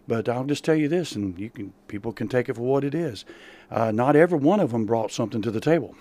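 A man's voice: mid-range voice, expressive, fast talker, mellow. Earnest man with opinions, chatting on the radio. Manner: earnest, opinionated, repeats himself. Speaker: radio guest. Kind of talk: casual radio chat.

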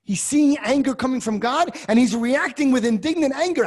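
A man teaching a class on a biblical text, moving from quiet asides to loud, impassioned readings and using many Hebrew terms. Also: very high voice, normal speed, hardly any pauses. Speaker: Torah teacher.

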